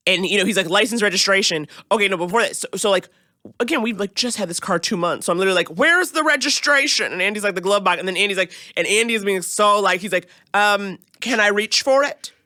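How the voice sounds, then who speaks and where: A woman telling a funny story on a podcast in casual chat, lively and animated, slipping into voices for the people in it. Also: mid-range voice, racing, no echo, studio quality. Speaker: podcast guest.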